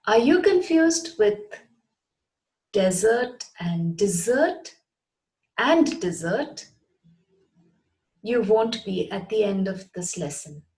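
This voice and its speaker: A woman gives a scripted lesson to her channel's viewers. She talks at an unhurried pace and spells words out letter by letter. Her pitch sits in a middle range. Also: very animated, darkish tone, poor audio. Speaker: English teacher.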